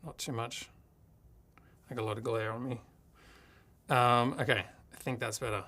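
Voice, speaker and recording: A man's voice: mid-range voice, fairly even intonation, moderate pace, sharp tone. A man from Australia hosting a live tech tutorial from his home streaming studio, talking casually and thinking aloud as he works his gear. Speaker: livestream host.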